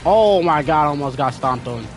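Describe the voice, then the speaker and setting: Game music runs underneath as this young man, a streamer, keeps up a slangy, chatty commentary for his audience. His voice is a little high and animated, at a moderate pace.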